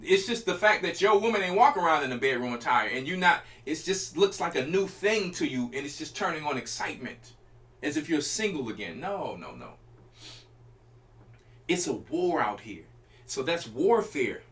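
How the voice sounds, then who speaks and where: A high-voiced man preaching as a church elder, his pitch swinging widely as he drives his points home. His tone is bright and forceful, and he talks to the congregation directly in a loose, conversational sermon style. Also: very animated, normal speed. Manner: emphatic, colloquial preaching with direct address to listeners. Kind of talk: informal sermon teaching.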